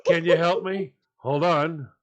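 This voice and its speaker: A man's voice: a little high, fairly even intonation, unhurried, muffled recording, a loud crowd. A man telling a comic story in casual talk, acting out other people's voices as he goes. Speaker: storyteller on a podcast.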